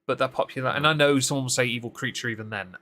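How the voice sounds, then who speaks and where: A man's voice: medium pitch, very fast, sharp tone, slight background noise. A man co-hosting a casual live-stream political recap, talking into a desk microphone with sarcastic, mocking asides. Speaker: co-host of a political recap show.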